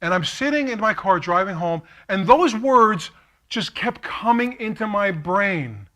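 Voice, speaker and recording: A middle-aged man, giving an impassioned keynote speech as a story, acting out the voices of others and moving from hushed to fervent. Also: high-pitched, a little slow. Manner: animated, quotes himself and others, swings from hushed to fervent. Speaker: keynote speaker. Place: lecture hall at a college.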